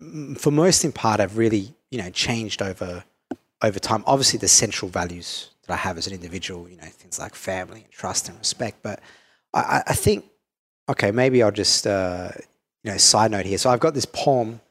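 Aussie guy, kinda husky low voice, business owner rambling thoughtfully w lots of you knows. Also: normal speed, a bit bright. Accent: Australian. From Perth, Australia. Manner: hesitant, restarts, many fillers. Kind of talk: reflective interview talk.

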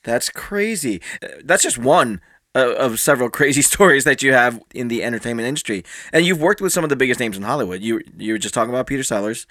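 Male host, bright tense tone, dry close sound, brief amazed reactions. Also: medium pitch, animated, no room sound. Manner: short amazed reactions, then a quick scripted-sounding question. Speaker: interviewer host. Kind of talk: interview questions and reactions.

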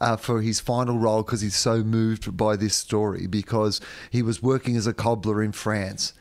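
Dry-miked joking podcast co-host. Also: male voice, on the low side, moderate pace, dry recording. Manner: animated, teasing, spins big jokey ideas. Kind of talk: casual chat.

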